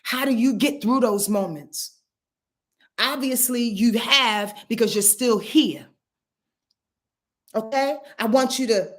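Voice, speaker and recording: A woman giving a casual astrology forecast, talking in an earthy, emphatic way and swearing freely. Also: a little high.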